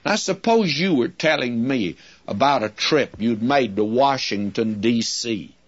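A man preaching a sermon-style Bible lesson, measured and explanatory, calling his listeners friends. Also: medium pitch, animated, husky. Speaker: Bible teacher. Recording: dull lo-fi recording.

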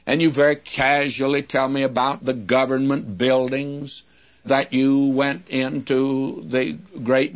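A man preaching a sermon-style Bible lesson, measured and explanatory, calling his listeners friends. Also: mid-range voice. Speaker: Bible teacher. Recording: dull lo-fi recording.

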